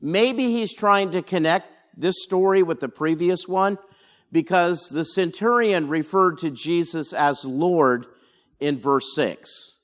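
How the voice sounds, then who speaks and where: This pastor leads a verse-by-verse Bible study, his fairly high-pitched voice moving slowly through explanations and pausing for dramatic effect.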